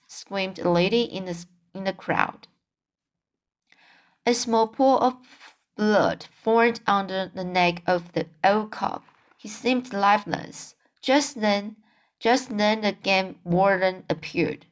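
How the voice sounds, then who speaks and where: A woman's voice: mid-range voice, measured pace. A woman reading a children's novel aloud, carefully, with occasional slips and rereads. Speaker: reader.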